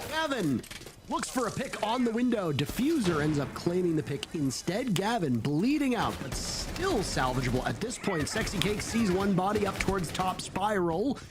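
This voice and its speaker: A man calling esports play-by-play, excitable and rising at big plays. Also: sits high. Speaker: play-by-play caster.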